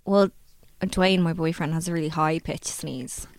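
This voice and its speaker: A woman guesting on a casual comedy chat, chatty and quick to giggle. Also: low-pitched, steady tone, a little mellow, no echo.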